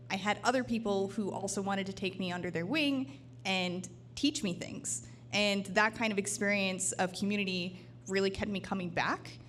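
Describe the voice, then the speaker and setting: An earnest, reflective woman on a casual podcast panel. Her voice is mid-pitched, and a faint hum of background noise sits behind her.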